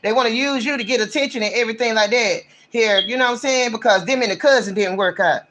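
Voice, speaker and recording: A man's voice: very high voice, fast talker, background noise. A man giving a casual livestream tarot reading, talking in a blunt, slangy, ranting way. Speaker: tarot reader.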